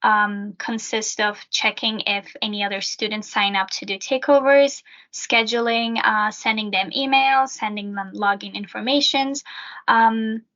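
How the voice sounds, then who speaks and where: Young woman student, bright chatty voice, lots of ums, kinda muffled lo-fi audio. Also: a little high, fairly even intonation, unhurried. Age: young adult. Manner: chatty with many fillers. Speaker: student peer helper. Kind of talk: casual interview answers. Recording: dull lo-fi sound.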